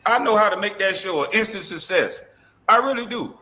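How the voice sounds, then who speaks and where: A man hosting a heated, taunting casual rant, mocking someone with quick impressions. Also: sits high, expressive, bright, forceful tone. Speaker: show host.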